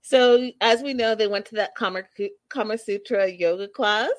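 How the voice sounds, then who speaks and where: A woman's voice: mid-range voice, moderate pace, dry recording. Sassy woman recapping a reality show. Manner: sassy, animated, exasperated commentary addressing viewers. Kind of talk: casual live-stream recap.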